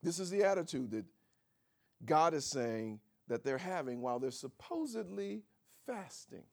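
Preacher swinging between soft and shouting. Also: male voice, a little high, sing-song, moderate pace, vocal fry. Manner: chuckles between points, calls for amens. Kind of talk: sermon.

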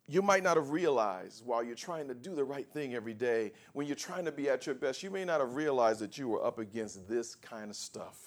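A man preaching a sermon to a congregation, leading call and response and building from quiet talk to shouted scripture. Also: mid-range voice. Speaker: pastor. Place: church before a congregation.

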